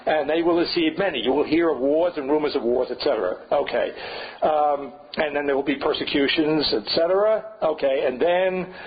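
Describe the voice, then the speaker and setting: A man's voice: a little high, moderate pace. An older man leading a seminar on scripture, thinking aloud with frequent restarts and asides. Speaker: seminar leader. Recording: dull lo-fi recording with faint hiss.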